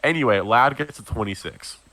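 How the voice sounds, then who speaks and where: A man's voice: medium pitch, brisk, pushed and bright, no room sound. A young man narrating as game master of a tabletop game, casual and chatty. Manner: laughing, casual narration with many fillers.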